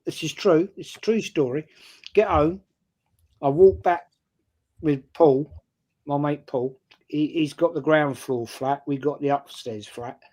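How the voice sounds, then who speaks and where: A man's voice: a little high, measured pace, pauses often, a little mellow. Older London man telling a story. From North London. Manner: anecdotal, repeats "right?" often. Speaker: fan channel panelist. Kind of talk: casual storytelling.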